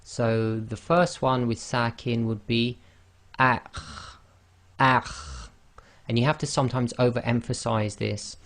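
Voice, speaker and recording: Speaking at normal speed with few pauses, this mid-range male voice belongs to an online Quran teacher who is not a native Arabic speaker. He patiently models each Arabic letter's sound and says it again in his pronunciation lesson.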